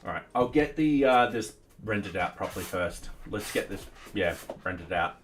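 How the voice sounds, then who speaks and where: Low-voiced man thinking aloud while coding. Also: lively intonation. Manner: halting, thinks aloud with many restarts; chats to his cat between tasks. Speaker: software developer streaming his coding. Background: faint music and keyboard typing.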